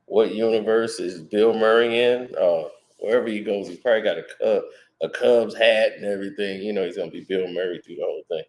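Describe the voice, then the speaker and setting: A man with a very low, deep voice talks through a movie trailer in loose, conversational commentary. He speculates as he goes and leans on fillers and restarts. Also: fairly even intonation, brisk, a little mellow. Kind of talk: casual commentary.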